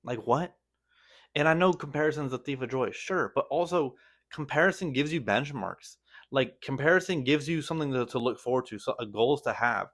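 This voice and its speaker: A man's voice: mid-range voice, animated, brisk, fairly bright tone. A young man talking casually to camera in a vlog, rambling and self-critical, with lots of slang and restarts. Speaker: vlogger.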